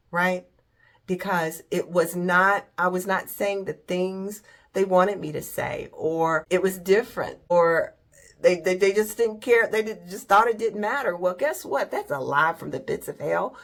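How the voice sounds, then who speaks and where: Direct, emphatic woman host, lowish voice. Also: animated, unhurried. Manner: direct, emphatic, repeats "right?". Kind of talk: motivational faith talk.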